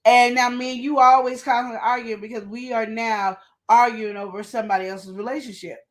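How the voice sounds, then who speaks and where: Animated woman co-hosting a live advice stream. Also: on the high side, fairly quick. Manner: animated, emphatic, repeats questions; casual slang. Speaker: co-host of a live advice show. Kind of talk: casual live-stream chat.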